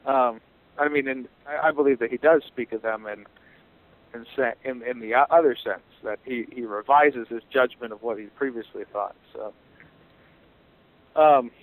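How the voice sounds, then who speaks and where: A man asking theological questions, hesitant and halting with many restarts. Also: mid-range voice. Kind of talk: theological discussion. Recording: tinny phone line.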